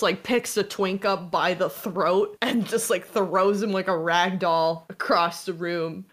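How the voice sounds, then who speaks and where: Playful woman game master, unhurried. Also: on the low side, steady tone, a bit bright. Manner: playful, laughing narration. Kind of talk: narrating a tabletop game.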